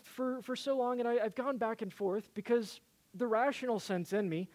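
Preacher, sermon storytelling, hesitant delivery with fillers, mid-pitched voice. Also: normal speed, darkish tone. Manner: hesitant, lots of "uh" fillers and restarts.

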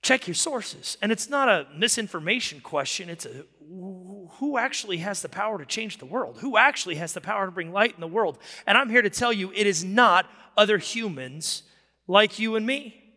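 A pastor preaches to his congregation in a high, bright voice that rings with tension, his words trailing into the long reverb of a church hall. He talks loosely and wanders off on asides, then climbs into sudden forceful emphasis. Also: lively intonation, normal speed. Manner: conversational and digressive, with sudden emphatic rises. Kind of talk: sermon. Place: church sanctuary.

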